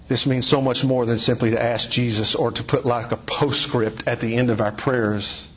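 A man preaching a sermon in an earnest, exhorting way, dropping low and rising to high emphatic peaks. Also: fairly even intonation, normal speed, few pauses. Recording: dull lo-fi recording.

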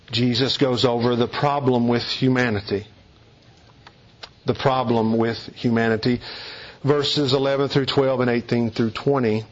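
A pastor from East Kentucky with a Southern accent, preaching an expository sermon in an earnest, emphatic, deliberate teaching cadence. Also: male voice, mid-range voice. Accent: Eastern Kentucky Southern US. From East Kentucky, USA. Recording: dull lo-fi recording.

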